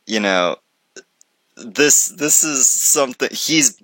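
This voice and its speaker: A man commenting excitedly on a conference video, rambling with many restarts and jokes. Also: medium pitch, takes it slowly, no room sound.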